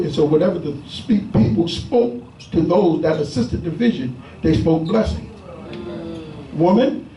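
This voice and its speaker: A man preaching a sermon as pastor, calling to his congregation and often shouting. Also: sits high. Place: church sanctuary with congregation. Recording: echoey church from far off.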